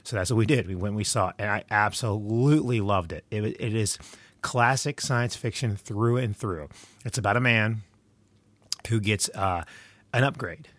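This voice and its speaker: A man's voice: lowish voice, normal speed, fairly bright tone, dry recording. A middle-aged man giving movie recommendations in a casual, rambling monologue full of digressions and stories. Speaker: movie reviewer.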